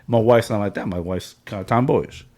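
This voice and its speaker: Casual podcast host, male, fairly low voice, candid and rambling storyteller. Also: fairly quick, warm tone. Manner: emotional storytelling, frequent filler and slang. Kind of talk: casual chat among friends.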